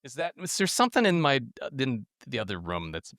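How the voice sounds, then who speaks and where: A man's voice: medium pitch, huge pitch swings, fairly quick, a bit bright, no room sound, clean studio sound. A married man co-hosting a casual podcast, reacting to a story with short replies and earnest asides. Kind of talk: casual chat. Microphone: headphones on a close studio mic.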